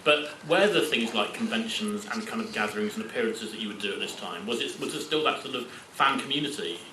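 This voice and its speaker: Fast, halting male interviewer. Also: fairly low pitch, animated, bright, forceful tone, a little hiss or hum. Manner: halting, repeats words. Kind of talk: moderating a panel Q&A. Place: cinema stage Q&A. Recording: echoey hall, picked up from far.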